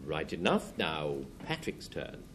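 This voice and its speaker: A man hosting a panel game show, moving the rounds along with brisk, dry, teasing patter. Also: a bass voice, very animated. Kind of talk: quizmaster patter. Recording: noisy old broadcast with loud studio audience.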